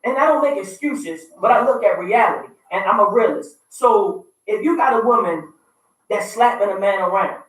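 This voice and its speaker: A man in his thirties hosts a radio talk show of opinionated relationship talk, hammering emphatic, repetitive points and sometimes raising his voice. His high voice is expressive and a bit bright at a moderate pace, picked up by a distant mic in a very echoey room.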